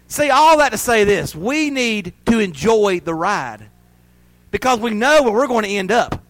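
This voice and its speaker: A man preaching a sermon, telling stories and building to loud, fervent peaks. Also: high-pitched, big pitch swings, unhurried, dry recording, rough recording.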